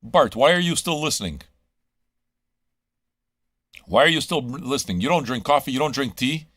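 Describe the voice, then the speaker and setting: A man's voice: mid-range voice, expressive, normal speed, a bit bright, breathy edge, dry recording. Profane ranting man, dry close sound. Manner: profane, ranting, heavy on rhetorical questions. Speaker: radio stream host. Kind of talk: crude rambling monologue to chat.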